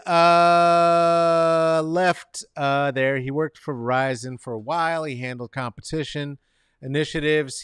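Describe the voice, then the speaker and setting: A man hosting a comedic commentary show, rambling and sarcastic, swinging between mumbled asides and loud outbursts and talking to viewers by name. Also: medium pitch, no room sound, studio quality. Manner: talks to chat viewers by name. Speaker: show host.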